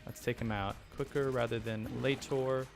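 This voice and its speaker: A man's voice: mid-range voice, fairly even intonation, normal speed, over music. A man giving casual let's-play commentary, rambling with lots of ums and flustered chatter. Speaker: gameplay commentator.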